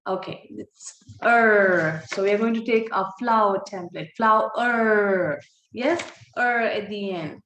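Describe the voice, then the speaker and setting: A woman teaching a recorded online phonics lesson, sounding out words slowly and breaking off with apologetic asides. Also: medium pitch, fairly bright tone, roomy sound, slight background noise. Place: holiday home by the sea, waves audible.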